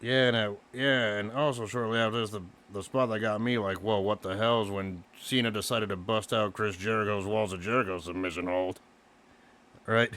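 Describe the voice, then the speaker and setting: A man co-hosting a casual wrestling review, excitedly recapping the match move by move. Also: lowish voice, normal speed. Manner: excited, recaps moves play by play. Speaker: podcast co-host.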